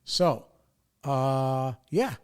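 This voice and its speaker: A man's voice: mid-range voice, very slow, smooth. A man in his forties from New York State, a podcast host telling a story in a rambling, profane way and tagging his lines with "right?" and "you know". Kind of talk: casual storytelling.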